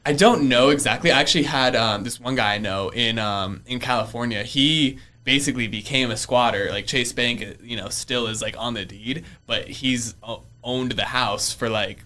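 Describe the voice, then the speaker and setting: A man's voice: mid-range voice, normal speed, few pauses, pushed and bright. A man in his early twenties, a real estate investor, chatting casually on a podcast, laughing often and using lots of fillers. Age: early 20s. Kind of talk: casual storytelling interview. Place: podcast studio.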